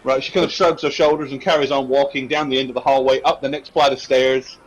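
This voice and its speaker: A man's voice: medium pitch, fairly even intonation, fast talker, poor audio. A man narrating a tabletop game as game master, in a casual rambling way.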